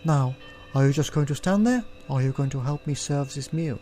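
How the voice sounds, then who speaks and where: Stern female cook in a text game, dry and reproachful, mellow low voice read by a man. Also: a little fast, faint music behind, natural voice. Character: sharp-tongued female cook, stern and pious.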